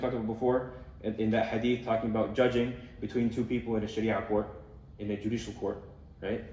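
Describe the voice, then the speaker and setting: A young man giving a casual talk on a hadith, explaining in a relaxed way with fillers and Arabic terms. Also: medium pitch. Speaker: student speaker on hadith. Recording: echoey room from far off.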